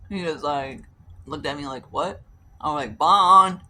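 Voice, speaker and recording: A woman's voice: low voice, unhurried, a bit bright. A woman vlogging while doing her makeup, rambling casually through stories and acting out what others said. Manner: rambling, chatty, acts out quoted voices, swears casually. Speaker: beauty vlogger.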